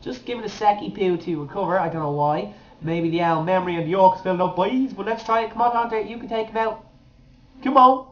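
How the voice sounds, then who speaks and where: A young woman commentating her own gameplay, excitable, with squealing cheers and playful made-up words. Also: medium pitch, fast, highs cut off. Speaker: let's play gamer.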